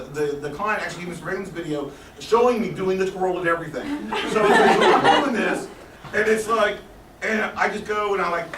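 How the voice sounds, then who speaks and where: Animated man telling a story, echoey room. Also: high-pitched. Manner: animated, laughing often, quick asides. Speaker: guest speaker. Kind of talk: storytelling talk to a live audience. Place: meeting room with audience. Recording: echoey room, far from mic, noisy.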